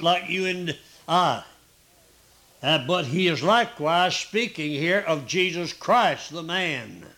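Male preacher in the pulpit, folksy and repetitive, voice sits a bit high. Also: a bit bright. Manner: folksy, with frequent "uh" pauses and repeated emphasis. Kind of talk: sermon.

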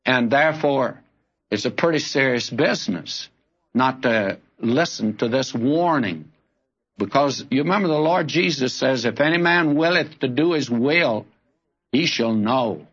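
A man's voice: mid-range voice, expressive, a little slow, a bit bright, slightly rough, dull audio. A man preaching a sermon in an earnest, direct way, calling his listeners friend and brother.

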